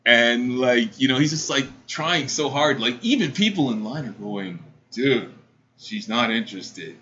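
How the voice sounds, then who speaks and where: A man co-hosting a podcast, telling a story in a casual, animated way and imitating the people in it. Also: medium pitch, normal speed. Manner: animated, mimics people in quoted voices. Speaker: podcast co-host. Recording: dull lo-fi audio with faint hiss.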